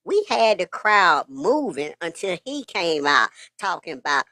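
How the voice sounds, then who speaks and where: A man's voice: high voice, very animated, unhurried, sharp tone, no room sound, studio quality, exaggerated voice. A man voicing a fed-up woman singer who scolds and gossips backstage. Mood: annoyed.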